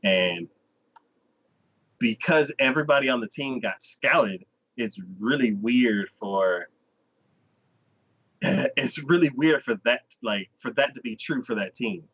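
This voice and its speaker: A man's voice: mid-range voice, lively intonation, slow, pauses often, fairly bright tone, dull audio. A man hosting a podcast who casually retells anime episodes in a rambling way, laughing often, into a desk mic. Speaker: podcast host. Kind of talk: casual anime review chat.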